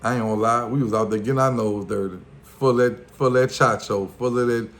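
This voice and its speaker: A man's voice: mid-range voice, steady tone, brisk, a bit bright. A man with a Louisiana accent telling a story from his past in loose street slang, full of fillers and acted-out quotes. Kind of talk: casual storytelling.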